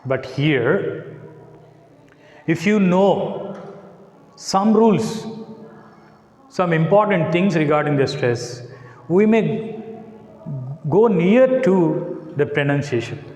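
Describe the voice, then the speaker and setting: A man with an Indian English accent teaching a class, speaking slowly and repeating words for his students to follow. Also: fairly high pitch, animated, a little mellow. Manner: slow, repeats words for drilling. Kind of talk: classroom lecture. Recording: echoey room with long reverb.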